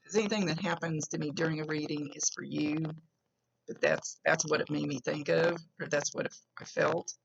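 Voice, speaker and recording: A psychic medium with a low-pitched, steady, creaky voice speaks at normal speed, chatting and rambling to a client during a reading, stopping and restarting, with a smoker's cough. The lo-fi recording is dull, with a little hiss or hum.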